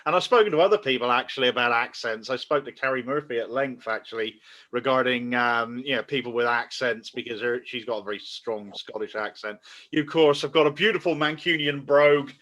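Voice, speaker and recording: A man's voice: mid-range voice, fairly quick, a bit bright. A man interviewing an activist guest, agreeing along and prompting her to speak. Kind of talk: casual political interview.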